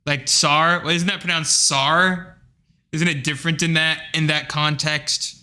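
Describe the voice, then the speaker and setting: Man, livestream host, casual rant, rambling and blunt, somewhat high, very bright edgy tone. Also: unhurried. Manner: rambling, filler-heavy, animated retelling; blunt, with occasional profanity.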